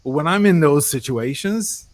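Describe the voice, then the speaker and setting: A man's voice: fairly high pitch, expressive, moderate pace, dry recording. Chatty Irish man from Dublin. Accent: North Dublin Irish. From Ireland. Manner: chatty storyteller, swears freely. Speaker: podcast host. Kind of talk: casual chat.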